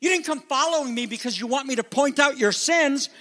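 A man's voice: very high voice, a little fast, bright, forceful tone, pitched above the performer's own voice. Guy doing an exasperated teacher telling the crowd off, voice pushed up, echoey. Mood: indignant. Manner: indignant, rebuking.

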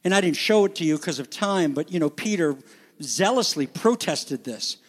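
A male pastor preaching a sermon, swinging between loud emphatic passages and hushed, near-whispered lines. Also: fairly high pitch, lively intonation, moderate pace, slightly rough.

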